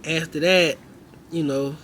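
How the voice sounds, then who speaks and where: A young man spins a casual storytime, his voice sitting a bit high for a guy. He talks in loose slang and jumps into loud, animated voices whenever he acts out a scene. A faint hiss runs under the recording. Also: slow pace. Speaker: storyteller host.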